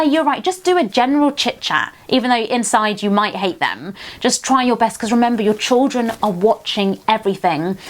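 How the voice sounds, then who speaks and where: A young British woman talking earnestly to camera in a casual advice vlog, chatty with frequent ums and little laughs. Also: fairly high pitch. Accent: British English. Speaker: vlogger giving parenting advice.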